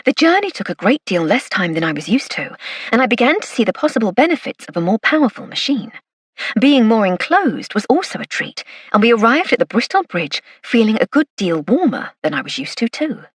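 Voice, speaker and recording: Husky woman narrating an audiobook. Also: fairly high pitch, very animated, dry recording, clean studio sound. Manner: measured, wry storytelling. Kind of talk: scripted first-person narration.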